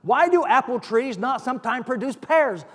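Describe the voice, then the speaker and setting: A man's voice: extremely high pitch, expressive, moderate pace. A man preaching a sermon as pastor, earnest and building to emphatic stress on key phrases. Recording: long hall reverb.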